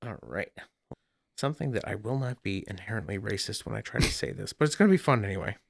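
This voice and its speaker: A man's voice: fairly low pitch, animated, fast talker, vocal fry, no echo, studio quality. A man co-hosting a casual car podcast, running a joking language-guessing game with his friends. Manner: joking, puts on mock foreign phrases. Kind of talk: casual banter.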